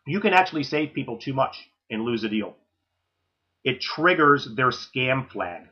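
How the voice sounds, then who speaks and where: A man giving a recorded sales training talk, coaching in a direct way and checking in with listeners with a quick "okay?". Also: mid-range voice, lively intonation, breathy edge. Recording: muffled lo-fi recording.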